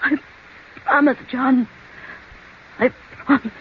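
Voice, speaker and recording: Breathy trembling old widow voiced by a woman, slow and high, old radio play, muffled sound. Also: very noisy, close to an everyday voice. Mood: frightened. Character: elderly widow, frail-hearted and frightened. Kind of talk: 1940s radio acting. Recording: dull lo-fi old radio recording.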